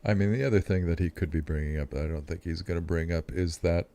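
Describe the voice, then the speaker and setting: A man's voice: sits low, quick pace, dark tone. A man hosting reaction commentary, adding dry, sarcastic asides. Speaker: commentary host.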